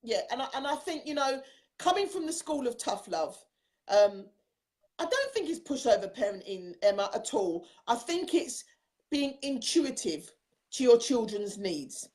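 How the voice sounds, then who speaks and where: A woman's voice: on the high side, sing-song, a little slow, darkish tone. A middle-aged woman hosting a live online chat show over a video call, chatting and reading out viewer comments. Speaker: host.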